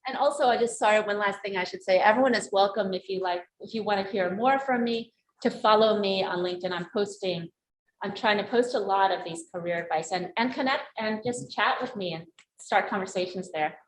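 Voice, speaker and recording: A woman's voice: medium pitch, a little fast. Woman career coach, emphatic live speaker, echoey hall mic. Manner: earnest, emphatic, animated. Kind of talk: live talk and audience Q&A. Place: event room before a live audience. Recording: echoey room, faint noise.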